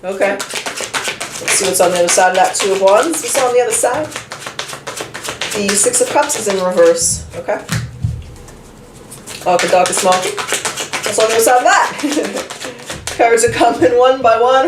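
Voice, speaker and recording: A woman's voice: fairly high pitch, normal speed, pauses often, music in the background. A woman giving a casual tarot reading, chatty and candid, thinking aloud as she draws each card. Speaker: tarot reader. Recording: roomy, distant from the mic, faint noise.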